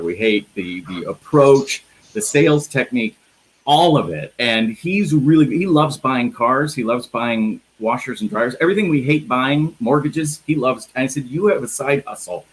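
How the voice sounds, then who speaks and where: A Midwestern man hosts a casual live interview over a video call, chatty and joking, often restarting his phrases. His mid-range voice has lively intonation and a moderate pace, though the audio is poor.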